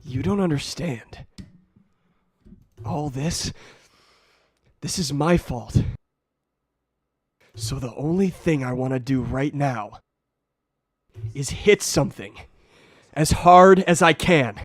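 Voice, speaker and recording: A man doing a guilt-ridden young superhero with a strained, anguished delivery. The voice sounds dry and close, a little high for a man. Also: slow pace, long pauses, dry recording.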